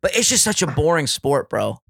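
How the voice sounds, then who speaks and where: Lively, bright-voiced young man chatting. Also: fairly high pitch, creaky, breathy edge. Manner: animated, profane, quick to break into put-on voices. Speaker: podcast co-host. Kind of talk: casual chat.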